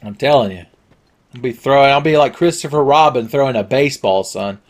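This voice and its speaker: A man's voice: mid-range voice, brisk. A man giving let's play commentary, sarcastic and profane, rambling from joke to joke. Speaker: game commentator.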